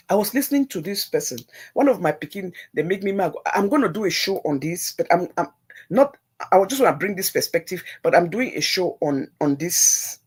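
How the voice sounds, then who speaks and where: A Nigerian woman with a husky, slightly breathy voice talks straight to her livestream audience. She is animated and opinionated, sliding into Pidgin and acting out other people's reactions as she argues her point. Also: lowish voice. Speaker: livestream host. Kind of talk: opinionated solo commentary.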